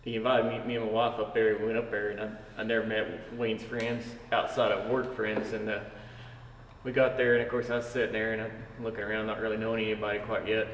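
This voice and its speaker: A firefighter, recalling a friend in a relaxed chat and laughing as he tells it. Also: on the low side, fast. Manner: relaxed, laughs while telling. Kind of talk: casual storytelling. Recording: roomy, distant mic with background hum.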